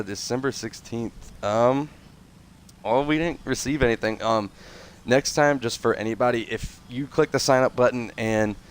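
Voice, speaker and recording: A man's voice: medium pitch, smooth. Nasal, congested man hosting a livestream. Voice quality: slightly nasal. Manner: rambling, chatty, frequent fillers and self-corrections. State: congested from a cold. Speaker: league host and event coordinator. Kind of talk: casual livestream announcements.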